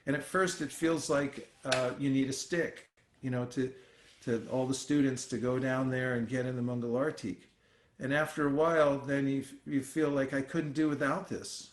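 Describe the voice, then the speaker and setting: A man giving a scripture class as a spiritual teacher, telling stories in a musing, halting way with fillers. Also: mid-range voice, level tone, reverberant.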